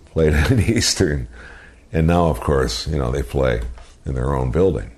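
A man's voice: very deep voice, animated, a little slow, darkish tone. An older man, a radio personality, telling rambling anecdotes in a casual interview and slipping into impressions of other people.

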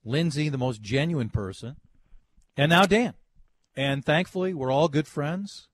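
A man's voice: a little high, unhurried, a little hiss or hum. A man hosting a radio talk show, bantering with co-hosts and taking callers. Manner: joking, takes callers.

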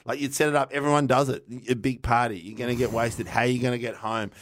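A man, a podcast guest telling a rambling, animated story in casual conversation. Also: medium pitch. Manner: rambling, restarts often, energetic and quick to laugh.

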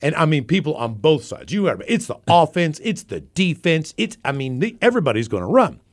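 A man's voice: a little high, a little fast. A middle-aged man, a podcast co-host, telling a story in casual chat, laughing and swearing as he goes. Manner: animated, laughing, profane storyteller.

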